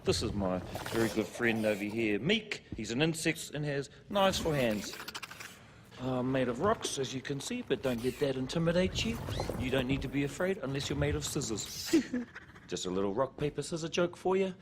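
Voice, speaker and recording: A man voicing a gentle, chatty rock creature with a New Zealand accent in a movie clip. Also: mid-range voice, sing-song, moderate pace, natural voice. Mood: friendly. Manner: soft-spoken, friendly and laid-back. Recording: movie clip with clear background noise.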